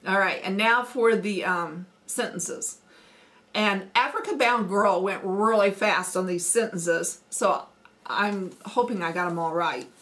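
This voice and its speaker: A woman's voice: mid-range voice, unhurried, fairly bright tone. Middle-aged Midwestern woman, homesteading vlogger, folksy and chatty, easy ums. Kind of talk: casual accent challenge chat.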